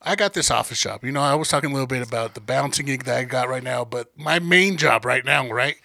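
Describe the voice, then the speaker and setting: A man's voice: medium pitch, quick pace, gravelly, sharp tone, dry recording, studio quality. A man in his forties co-hosting a casual podcast, ranting and swearing with a sardonic edge. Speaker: podcast co-host.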